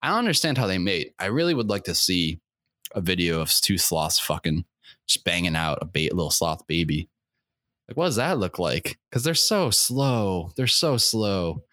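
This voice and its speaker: A young man with a very low voice rants crudely through a comedic monologue, swearing freely and working himself up. He rambles with plenty of fillers. The sound is dry and close, with no room around it. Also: big pitch swings, normal speed, sharp tone, dry recording. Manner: crude, profane, gets worked up. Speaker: podcast host. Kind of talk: comedic rant.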